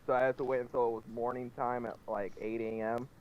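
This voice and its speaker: A man's voice: mid-range voice, level tone, fast talker. Man telling a run-on story, lo-fi sound. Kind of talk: casual chat. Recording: dull lo-fi recording.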